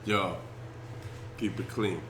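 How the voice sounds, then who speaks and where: A man's voice: deep voice, steady tone, takes it slowly. A man guesting on a podcast, joking and freestyling with crude, playful boasts. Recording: roomy room with background noise.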